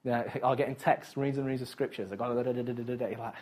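A man's voice: medium pitch, fairly even intonation, fast talker, darkish tone. A man preaching a casual, conversational sermon, chatty and self-mocking, with frequent asides to his listeners.

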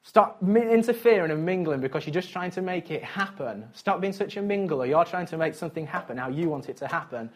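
A fairly high-voiced man gives a relaxed sermon in a chatty tone. He pokes fun at himself and keeps turning aside to talk straight to his listeners. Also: brisk, few pauses. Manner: chatty and self-mocking, with frequent asides. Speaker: preacher. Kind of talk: casual conversational sermon.

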